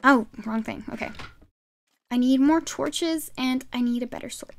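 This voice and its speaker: A woman with a high-pitched, gravelly voice talks at normal speed. She's a streamer at her home gaming setup, chatting and giggling into a desk microphone as she gives her viewers casual gameplay commentary.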